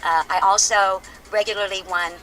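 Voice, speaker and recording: A woman's voice: mid-range voice, fairly even intonation, moderate pace, bright, forceful tone, a little hiss or hum. An older woman delivering a brash, profane, sarcastic rant in a vlog aimed at a troll. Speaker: video creator answering a troll. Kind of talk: ranting vlog monologue.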